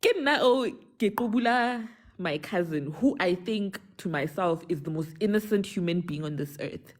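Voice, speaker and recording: A young South African woman telling a personal story on a live call, animated, code-switching between English and a local language. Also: lowish voice, moderate pace. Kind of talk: casual storytelling on a live stream.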